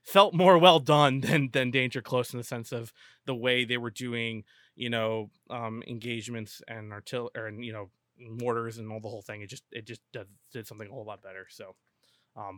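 A male podcast co-host talks casually, wandering through his thoughts and fixing his own sentences as he goes. His voice is mid-pitched. The recording is dry and close. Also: fairly even intonation, normal speed, fairly bright tone, no room sound. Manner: rambling, self-correcting. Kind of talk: casual chat.

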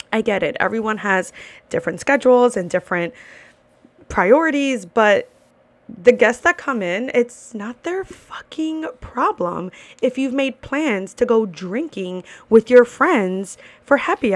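A woman's voice: a little high, no echo. Blunt, swearing woman podcast host. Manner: blunt, swears freely, repeats for emphasis. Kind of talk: casual ranting monologue.

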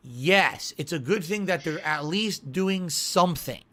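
Brief: male streamer, indignant lecturing rant, high voice. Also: expressive, a little slow, pushed and bright. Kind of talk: ranting podcast monologue.

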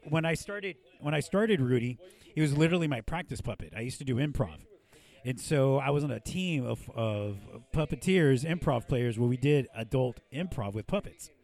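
A man's voice: mid-range voice, animated, normal speed, darkish tone. A man who hosts a podcast, telling profane stories in casual chat and laughing often. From Mexican-American from San Diego. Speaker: podcast host and puppeteer. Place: podcast studio.

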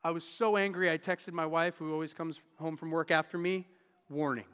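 A man's voice: fairly high pitch, steady tone, moderate pace, fairly bright tone, smooth, long reverb tail. A man in his thirties giving a sermon as pastor, telling personal stories in an earnest, candid way. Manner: earnest, candid storytelling with restarts.

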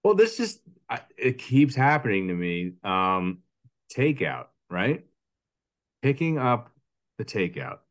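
A man co-hosting a casual podcast, telling animated stories about his kids and everyday mishaps. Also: mid-range voice, takes it slowly. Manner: animated storytelling, acts out kids and cashiers. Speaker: podcast co-host. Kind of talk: casual chat.

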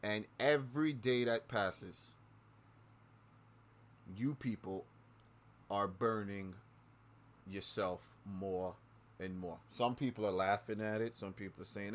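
A man runs his own podcast and delivers an angry political rant packed with swearing, repeating lines to hammer them home. He talks slowly and pauses a lot, dropping to low mutters and then bursting out loudly.

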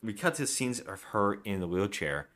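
A man with a fairly low voice co-hosts a casual movie podcast. He retells the plot in an animated way, scene by scene. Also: normal speed. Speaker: podcast co-host. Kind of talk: casual movie-review chat.

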